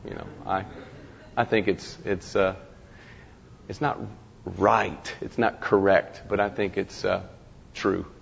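Addressing a ministry class as a guest, a man lectures informally with a low, gravelly voice and steady tone. His talk is conversational, broken by restarts and dotted with wry self-deprecating humor. Dull, lo-fi sound carries a long reverb from a big hall.

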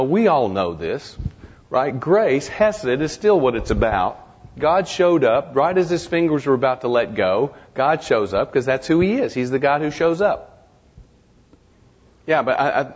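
Man for a reflective panel talk, husky, low, stop-start delivery, dull sound with long reverb. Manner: halting, many restarts and repeated words. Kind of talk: reflective discussion.

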